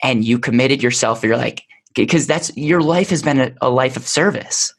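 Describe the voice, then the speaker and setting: A man hosting a casual interview podcast, affirming and quick to agree with his guest. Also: mid-range voice, breathy edge. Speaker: podcast host.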